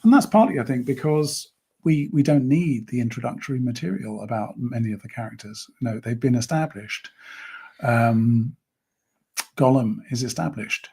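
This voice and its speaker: A man hosting a live-stream discussion, speaking in a measured, thoughtful way and reading out viewer comments. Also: medium pitch, mellow, breathy edge. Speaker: host.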